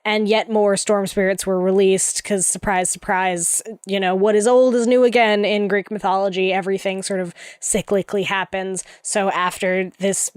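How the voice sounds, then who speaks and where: A woman's voice: medium pitch, level tone, moderate pace, few pauses, darkish tone, clear, resonant tone, no echo. Chatty woman podcaster, dry sound. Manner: chatty, many fillers, rambling asides. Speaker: podcast co-host. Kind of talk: casual book discussion chat.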